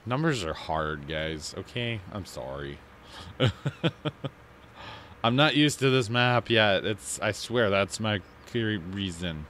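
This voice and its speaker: A man's voice: lowish voice, lively intonation, slow, a bit bright, slight background noise. A man casually commenting on his own farming game, rambling and mocking his own slips, sleepy after a big lunch. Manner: rambling, self-mocking, yawning. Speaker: let's play host.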